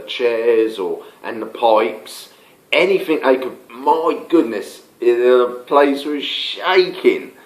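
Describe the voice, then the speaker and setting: Deep-voiced older man telling stories. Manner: rambling, stop-start, many fillers. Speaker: storyteller. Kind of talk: casual spoken anecdote. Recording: roomy echo.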